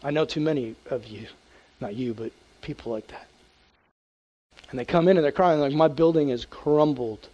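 A man, a youth pastor, preaching a casual, animated sermon to teens and acting out prayers in a hushed voice. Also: mid-range voice, normal speed, pauses often, breathy edge, lo-fi sound.

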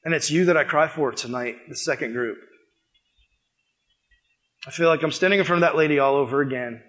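A young man as youth pastor, preaching a sermon with animated storytelling that acts out the dialogue. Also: on the high side, fairly quick.

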